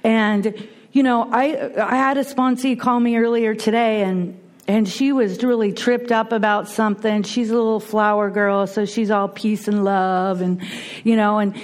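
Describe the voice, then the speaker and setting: Middle-aged woman, plain mid pitch, earnest testimony, animated and candid. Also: a little slow. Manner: earnest, animated, frequent restarts and you-knows. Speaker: recovery meeting speaker. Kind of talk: personal testimony talk.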